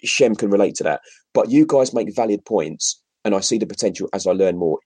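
A man's voice: fairly low pitch, animated, brisk, a little mellow, husky. A man co-hosting a casual livestream, reading viewer comments aloud and talking to the audience directly. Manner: chatty, addresses viewers directly, laughs often. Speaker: co-host reading chat comments.

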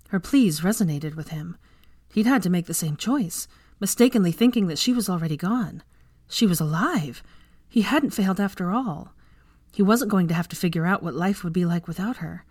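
A woman with a lower voice narrates a story in a steady, measured way, like an audiobook. The sound is dry and close, with no room ring. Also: no echo. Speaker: fan fiction reader.

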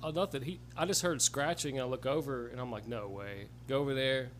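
A man's voice: mid-range voice, fast talker, fairly bright tone, a little hiss or hum. A man co-hosting a podcast, telling laid-back, swear-filled stories in casual chat. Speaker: podcast co-host.

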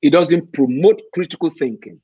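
A man's voice: a little high, normal speed, warm tone, slightly rough, no echo. A man from Nigeria, speaking emphatically as an interview guest and posing rhetorical questions. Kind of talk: conversational interview. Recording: dull, muffled dry sound.

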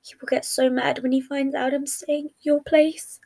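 Woman doing a scared shaky young guy, timid and mumbly, gravelly edge. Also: high voice, little pitch movement, normal speed, mellow. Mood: fearful. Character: frightened, fragile young man. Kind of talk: fan fiction reading.

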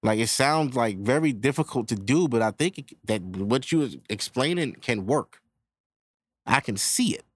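This male podcast host riffs alone in a relaxed, profane monologue, switching rapidly between voices as if in conversation. His mid-range voice is animated, and the recording is dry.

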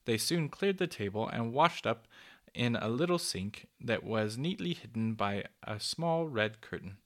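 A man reading a children's story aloud in a gentle, measured way. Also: mid-range voice, animated.

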